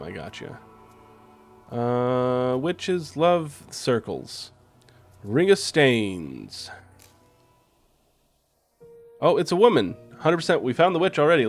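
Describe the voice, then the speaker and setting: A man streaming a game, commenting casually, swearing freely and reading on-screen text aloud. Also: medium pitch.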